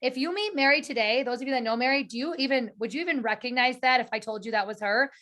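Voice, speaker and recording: A woman's voice: sits high, quick pace. Upbeat woman leading a sales team call. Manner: energetic and earnest, with repeated words and restarts. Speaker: direct sales team leader. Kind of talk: motivational speech on a video call. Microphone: video call.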